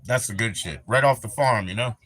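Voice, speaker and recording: A man's voice: mid-range voice, brisk, fairly bright tone. An older man on a live stream, rambling and swearing as he greets viewers and chats casually.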